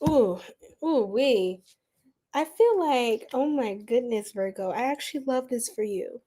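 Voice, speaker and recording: A woman giving a casual livestream tarot and astrology reading, chatty and animated, laughing often and speaking to viewers as y'all. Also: a little high, a little slow.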